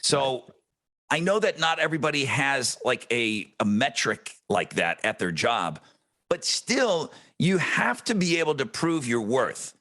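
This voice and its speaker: During casual podcast chat, this co-host, also a radio host, animatedly tells stories and swears liberally. His mid-range voice has an unhurried pace.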